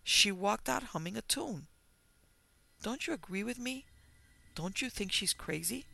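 A man reading a reserved young widow's account in an audiobook, measured and restrained. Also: high-pitched, lively intonation, creaky, sharp tone, voice pushed up, heavily acted. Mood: wary.

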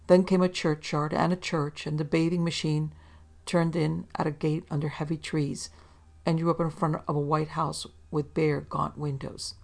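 A woman reading a story aloud in steady, measured narration. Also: deep voice, creaky.

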